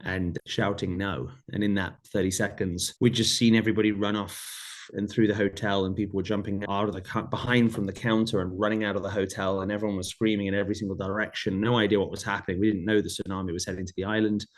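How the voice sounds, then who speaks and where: A man's voice: fairly low pitch, level tone, quick pace, hardly any pauses. A middle-aged man, a podcast guest, earnestly retelling a personal story in vivid detail, often repeating phrases.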